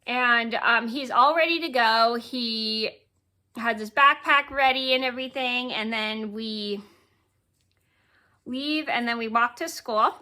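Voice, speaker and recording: In her late twenties, a woman tells a funny personal story for a casual vlog, rambling, repeating words, correcting herself and giggling as she goes. Her voice is fairly high, slow, bright and forceful.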